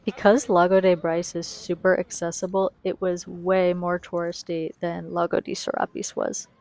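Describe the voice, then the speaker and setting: A young woman narrates her travel vlog in a chatty, eager voice-over. Her voice sits a little low for a woman, and she often turns to speak straight to the viewers. It is recorded close on the mic. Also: flat delivery, moderate pace, darkish tone. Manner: chatty and enthusiastic, addresses viewers directly. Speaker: travel vlogger.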